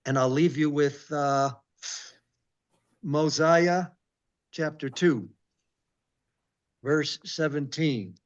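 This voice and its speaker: A man, a rabbi, reading scripture aloud slowly and with emphasis, stopping to comment and ask searching questions in a devotional conversation. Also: fairly high pitch, dull audio. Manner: reads scripture slowly and emphatically, breaks off with asides. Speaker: rabbi, interview guest.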